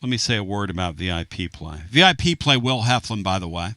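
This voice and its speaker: A man hosting a sports talk radio show, animated and rambling with quick asides and jokes. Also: lowish voice, no room sound. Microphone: studio microphone.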